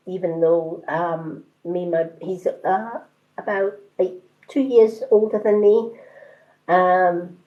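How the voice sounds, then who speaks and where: A woman in her fifties with a mixed British accent, giving a card reading on a live stream in an unhurried, hesitant, reassuring way with many ums. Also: lowish voice, mellow, muffled recording. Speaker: tarot card reader.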